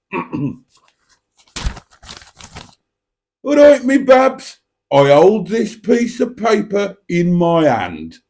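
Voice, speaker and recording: Cheeky man, lively live-stream host. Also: medium pitch. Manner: playful, cheeky and theatrical, reading out viewer comments. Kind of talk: casual live-stream chat.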